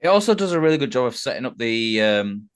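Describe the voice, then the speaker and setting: A man co-hosting a podcast, talking about a movie in a measured way with deadpan humor. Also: mid-range voice, smooth. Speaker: podcast co-host. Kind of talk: casual movie discussion.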